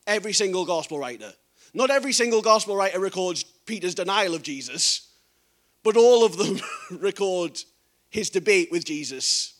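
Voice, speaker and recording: A man preaching a sermon, reading scripture in a low, quiet voice and building to emphatic, raised passages. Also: expressive, moderate pace.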